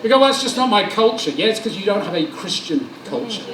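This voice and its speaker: A man preaching a lively sermon in a church hall, joking and acting out conversations in different voices. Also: sits high, quick pace, crowd noise. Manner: animated, joking, acts out dialogue. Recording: roomy hall sound, mic at a distance.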